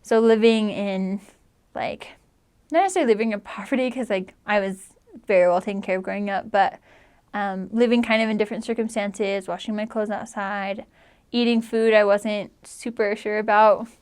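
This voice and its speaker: A woman's voice: mid-range voice, fairly even intonation, moderate pace, a little mellow, clear, resonant tone. A woman in her twenties, a returned missionary telling her story in a chatty, emotional way and saying "like" often. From United States. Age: 20s. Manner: chatty, leans heavily on "like", emotional at times. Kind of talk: casual personal storytelling.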